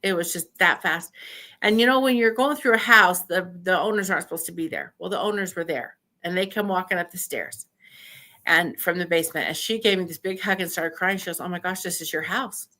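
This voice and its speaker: Older idaho lady, bright voice, tells stories in a chatty way and acts out the quotes, laughs a lot. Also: fairly low pitch, fairly quick. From Idaho, USA. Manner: animated storyteller who laughs often and acts out quotes. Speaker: podcast guest. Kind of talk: casual storytelling interview.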